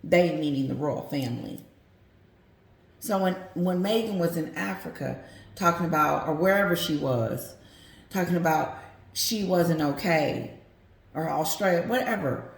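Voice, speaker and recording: A woman's voice: low-pitched, measured pace, creaky. A woman giving casual commentary, emphatic and repetitive, talking straight to her viewers. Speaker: commentary vlogger. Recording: roomy echo.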